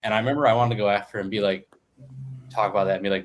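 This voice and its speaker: A young man from Michigan co-hosting a podcast, joking and trading banter in casual chat with bursts of quick talk. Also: on the low side, fairly even intonation, a little hiss or hum. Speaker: podcast co-host.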